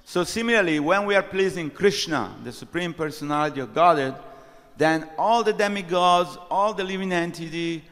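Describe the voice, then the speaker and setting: A man's voice: fairly high pitch, normal speed, fairly bright tone. A man giving a scripture class at a temple, telling stories and acting out the characters' lines. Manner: storytelling, acts out quotes. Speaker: temple speaker. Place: temple lecture hall. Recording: long reverb of a large hall.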